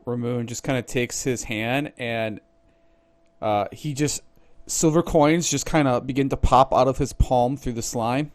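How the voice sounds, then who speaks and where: A man's voice: medium pitch, unhurried, no echo. Hesitant man playing a tabletop game. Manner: hesitant, with frequent "uh". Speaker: player. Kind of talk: describing his character's actions in a tabletop game.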